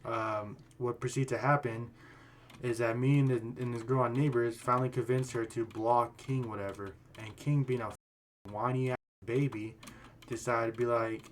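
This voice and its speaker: A man's voice: mid-range voice, level tone, normal speed, a little hiss or hum. A man hosting a casual storytime commentary video, rambling and heated, often restarting his sentences. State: voice getting worn out. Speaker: YouTube commentary host.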